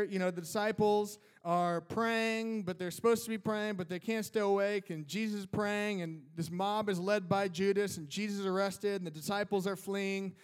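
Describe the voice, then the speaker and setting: A male pastor preaches in a high, bright voice, loose and conversational. He talks to the room like a friend, with easy fillers and frequent restarts. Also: smooth. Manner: casual, conversational, with fillers like "man" and "like". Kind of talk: sermon.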